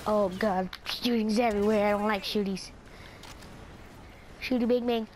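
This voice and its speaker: This young female gamer jokes around during a shooter match, squealing and singing nonsense bits against noisy game audio. Her medium-pitched voice is a little mellow and fairly even in intonation, at normal speed with long pauses.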